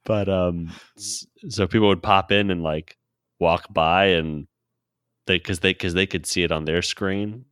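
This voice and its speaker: A man casually telling a long personal story, laughing often, swearing freely and quoting himself in a low mutter. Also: fairly even intonation, unhurried, fairly bright tone, smooth, no echo, studio quality. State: sore throat.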